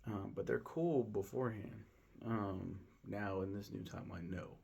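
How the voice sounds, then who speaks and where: A man's voice: lowish voice, unhurried, gravelly, mellow, slight background noise. A man recapping a film in a casual, rambling way, full of ums, restarts and swearing. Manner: rambling, lots of ums and profanity. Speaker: film reviewer.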